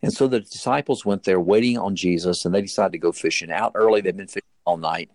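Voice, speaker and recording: A man's voice: low-pitched, fast, darkish tone, dry recording. A man preaching, retelling a Bible story as an earnest storyteller whose voice climbs sharply at dramatic moments. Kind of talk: sermon-style Bible storytelling.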